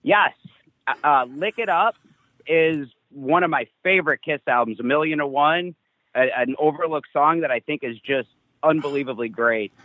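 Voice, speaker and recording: A male guest speaks with eager enthusiasm about favorite songs, his voice slightly high. He comes through a narrow, tinny phone line with a dry, close sound. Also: moderate pace, no room sound. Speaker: guest musician. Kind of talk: casual interview chat.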